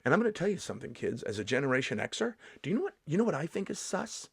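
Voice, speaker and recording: Racing along in a fairly high, gravelly voice with a breathy edge and big pitch swings, a middle-aged comedian vlogger reads out slang definitions and then riffs on them sarcastically, swearing freely. The recording is dry.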